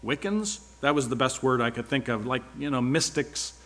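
A man's voice: mid-range voice, lively intonation, moderate pace, a bit bright. A man speaking at church, giving a rambling, informal sermon-style report with wry asides.

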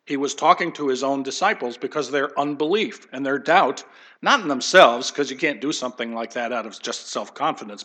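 A man preaches a sermon in a lively, conversational way, sliding into acted-out voices and folksy jokes. His voice sits a little high and has a bright, forceful edge. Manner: animated, acts out quoted voices. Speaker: pastor.

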